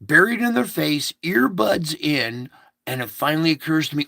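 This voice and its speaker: Gravelly man telling a dream story. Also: fairly high pitch, big pitch swings, moderate pace, sharp tone, no room sound. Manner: rambling, repetitive, breaks off to fiddle with equipment. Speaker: storyteller recounting a recurring dream. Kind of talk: casual spoken monologue.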